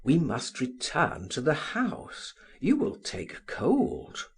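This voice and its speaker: An audiobook reader voicing a calm, cynical young man who speaks in a cool, measured way. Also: medium pitch, breathy edge, pitched above the performer's own voice, heavily acted. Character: calm, cynical young male social climber. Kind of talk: audiobook character voice.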